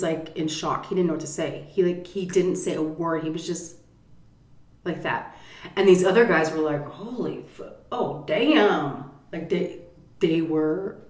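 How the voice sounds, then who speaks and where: A middle-aged woman vlogger telling a story in a casual, animated way, swearing and acting out the quotes loudly. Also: lowish voice. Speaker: mukbang vlogger. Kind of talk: storytime chat. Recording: echoey room.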